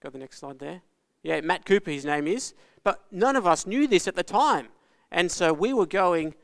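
A man preaching a children's sermon, telling the story with lively asides straight to the kids. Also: sits high, normal speed, creaky, dry recording. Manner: animated storytelling, addressing kids directly. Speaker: pastor.

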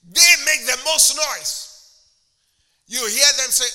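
A man's voice: very high voice, slow pace, pushed and bright, long reverb tail. A man preaching a sermon as a pastor, using a prop and mocking impressions of churchgoers.

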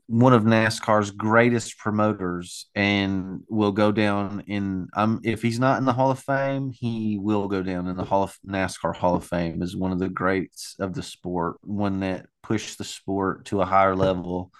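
A man's voice: low-pitched, steady tone, a little slow, hardly any pauses. A man co-hosting a casual true-crime podcast, joking and rambling, swearing casually. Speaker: podcast co-host.

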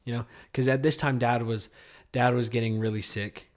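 Guy rambling thru a story, lots of like and you know, goes quiet at the sad parts. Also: medium pitch, flat delivery, normal speed. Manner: rambling storytelling with many fillers and restarts. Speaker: podcast co-host. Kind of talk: casual chat.

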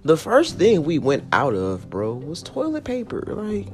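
A man's voice: on the high side, huge pitch swings, unhurried, faint music behind. A young man hosting a casual solo podcast, slangy and laughing in fits, swinging between giggles and serious ranting. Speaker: podcast host.

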